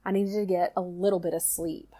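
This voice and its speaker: A middle-aged woman tells a personal story in casual chat, animated and full of "you know" fillers. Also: on the low side, brisk. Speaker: guest storyteller, mother.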